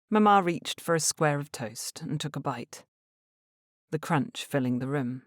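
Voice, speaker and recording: A woman narrating a period romance with a fairly low voice that still moves lively in pitch. She reads in a measured, expressive way, close to the mic in a dry, dead room. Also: no room sound. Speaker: audiobook narrator. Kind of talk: scripted narration.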